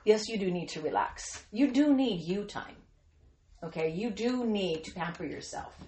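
A woman's voice: mid-range voice, lively intonation, normal speed, dark tone, reverberant. A woman hosting a devotional podcast for Christian women, talking in an earnest, encouraging way, with playful asides where she acts out quoted voices.

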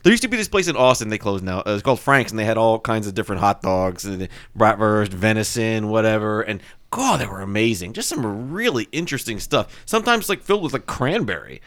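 A man hosting a podcast, chatting in a lively, joking, animated way. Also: on the low side, a little fast. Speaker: podcast host. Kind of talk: casual chat.

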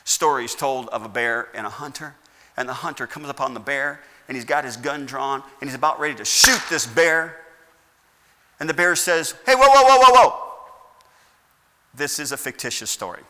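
An American pastor preaches a sermon in a church sanctuary, firing off rhetorical questions and rising into emphatic bursts. His voice is medium-pitched and sharp in tone, at a moderate pace. The recording carries the long reverb of a church hall.

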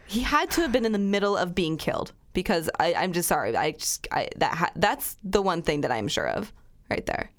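A woman with a lower voice, co-hosting a chat podcast. She talks things through casually, hedging and filling with likes and ums. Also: very animated, a little fast. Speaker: podcast co-host. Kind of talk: casual true-crime chat.

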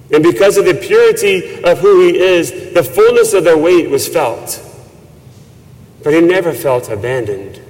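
A man preaching a sermon as a priest, slow and measured with reverent emphasis. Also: fairly high pitch, darkish tone. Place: church. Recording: long church reverb.

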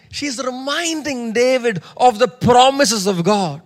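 High-voiced, emphatic male preacher. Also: expressive, measured pace. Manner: emphatic, repeats lines, calls for audience response. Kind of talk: sermon.

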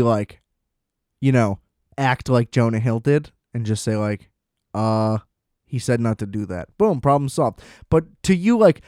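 A man's voice: medium pitch, a little mellow, smooth, dry recording, clean studio sound. A man ranting in casual commentary, rambling, sarcastic and full of swearing. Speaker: vlogger.

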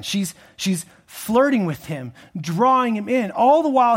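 A male pastor preaching a sermon in a conversational way, rising to emphatic peaks and dropping low again, with frequent restarts.

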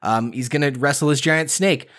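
A man's voice: on the high side, normal speed, a bit bright. A man playing in a tabletop role-playing game, eager and rambling as he describes his character's moves. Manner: eager, rambling, laughs easily. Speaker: player.

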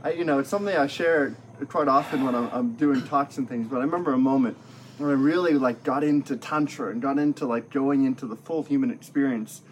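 A man's voice: medium pitch, brisk, a little hiss or hum, poor audio. A man talking earnestly and expressively in a casual conversation, swearing casually.

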